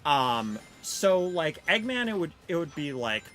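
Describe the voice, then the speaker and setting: Young female streamer, casual and rambling, lively pitch. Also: unhurried, faint music behind. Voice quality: fairly deep for a woman. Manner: chatty, self-deprecating, many fillers. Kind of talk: casual live-stream chat.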